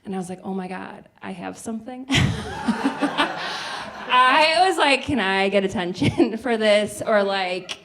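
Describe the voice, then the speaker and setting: A woman's voice: medium pitch, steady tone, normal speed, creaky, hardly any pauses. A woman in her forties from the Midwest, telling a comic personal story on a small theater stage, chatty and full of "like". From American Midwest. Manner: chatty, lots of "like", acts out quoted voices. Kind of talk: live comedic storytelling.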